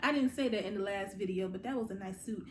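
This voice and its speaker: A woman hosting a casual TV recap, chatting directly to her viewers and quickly paraphrasing what the characters said. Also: mid-range voice. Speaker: TV recap host. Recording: roomy echo with faint background hum.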